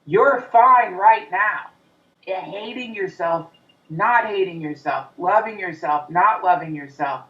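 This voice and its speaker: A man's voice: high-pitched, a bit bright. A male comedian rants intensely and profanely in an interview, now and then acting out the nagging voice in his own head. He sits some way back from the microphone, so he sounds distant. The room echoes around him and the recording has a dull, muffled tone. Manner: acts out his inner critic's voice. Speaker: comedian guest. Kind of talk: interview conversation.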